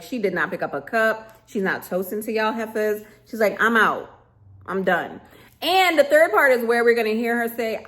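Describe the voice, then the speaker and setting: A woman ranting to camera in a casual vlog, sassy and emphatic, often breaking into laughter. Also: mid-range voice. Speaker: vlogger reviewing a reality show.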